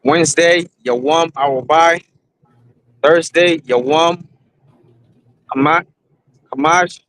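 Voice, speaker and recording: A man's voice: on the high side, takes it slowly, a bit bright, no room sound, low-quality recording. A man student reciting the days of the week to his instructor, word by word.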